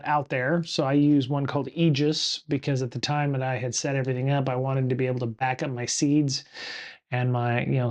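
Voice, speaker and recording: A man's voice: mid-range voice, darkish tone. A middle-aged man chats casually through a solo live stream in an ordinary mid-range voice. He rambles, restarts his sentences and fills gaps with ums and uhs. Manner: rambling, many fillers and self-corrections. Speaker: podcast host streaming solo.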